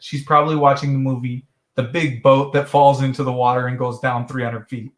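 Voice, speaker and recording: A man's voice: little pitch movement, fairly quick, reverberant. A man chatting loosely on a live stream, joking and jumping between topics. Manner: joking, jumps between topics, mimics voices in high falsetto. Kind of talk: rambling live stream chat.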